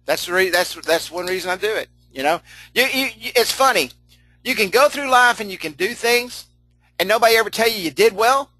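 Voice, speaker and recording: A man's voice: sits high, lively intonation, fairly quick, bright, forceful tone, no echo, faint music behind, rough recording. A middle-aged man leading a live online training session, folksy and chatty, laughing often, repeating himself and answering chat comments as he goes.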